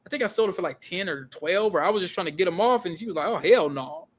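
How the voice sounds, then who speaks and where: A man vlogging in animated, casual storytelling style, emphatic and slangy, often repeating himself and swearing. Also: high-pitched, very fast. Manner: emphatic, profane, repetitive, slangy.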